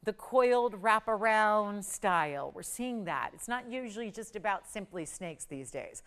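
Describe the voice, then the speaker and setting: A middle-aged woman with a smooth, clear voice pitches products as a live shopping channel host. She talks in emphatic, enthusiastic sales patter and leans hard on certain words. She is in a studio on a lapel mic. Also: expressive, measured pace, fairly bright tone.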